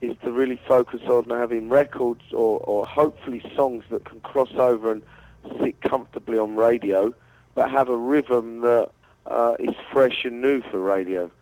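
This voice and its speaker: A man, a DJ and producer, answering interview questions in a relaxed way, thinking aloud as he goes. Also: mid-range voice, normal speed, muffled recording. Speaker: DJ and producer guest.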